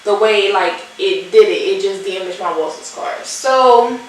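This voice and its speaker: Young woman, animated storytime vlog, swearing, roomy echo, faint hiss. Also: medium pitch, unhurried, far from the mic. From Philadelphia. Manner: animated, swearing, acts out the people in her story. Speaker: vlogger. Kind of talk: storytime vlog while doing makeup. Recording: echoey room, off-mic, faint hiss.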